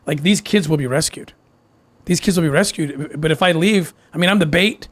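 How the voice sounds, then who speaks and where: A man tells an emotional personal story, his voice a touch higher than most men's. He halts, repeats words and laughs lightly between phrases. The sound is dry and close, with no room around it. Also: normal speed, no room sound. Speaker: guest.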